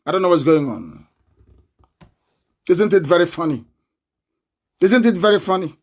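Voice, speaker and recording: A man with a Nigerian accent giving a combative live online broadcast, laughing often and breaking into shouts. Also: sits high, lively intonation, normal speed.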